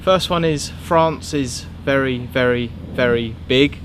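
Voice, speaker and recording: A man's voice: medium pitch, slow pace, a bit bright, slight background noise. A man chatting casually in a vlog, in a self-deprecating way, from a car and by the roadside. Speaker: vlogger. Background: music.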